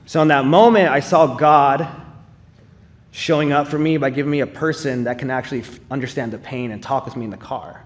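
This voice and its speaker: A man with a medium-pitched voice and a brisk pace shares his personal testimony live at church. The telling is earnest and conversational, sprinkled with casual fillers.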